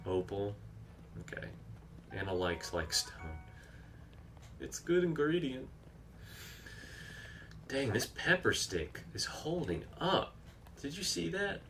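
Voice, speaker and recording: Bright-voiced man chatting over gameplay. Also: lowish voice, very animated, a little slow, faint music behind. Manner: chatty, reads out viewer comments, exclaims at the game. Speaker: video game streamer. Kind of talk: live gameplay commentary.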